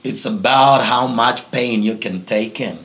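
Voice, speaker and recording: A man's voice: mid-range voice, a little slow, a bit bright. A man from Africa, a pastor answering interview questions in a preaching tone, emphatic and fond of repeating key phrases. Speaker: guest pastor.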